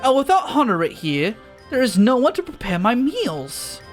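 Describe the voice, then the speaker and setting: A man's voice: very high voice, huge pitch swings, faint music behind, voice pushed up, heavily acted. A man voicing a spoiled, pompous young nobleman with a nasal, whining voice, reading game dialogue aloud. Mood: complaining. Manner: haughty, drawn-out complaining.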